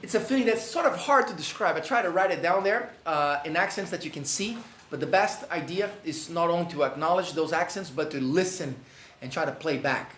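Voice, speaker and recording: A man with a Brazilian Portuguese accent teaches a live online guitar masterclass, explaining rhythm and singing syllables to demonstrate. His voice is a little high, brisk, and fairly bright, with reverb and a little hiss or hum.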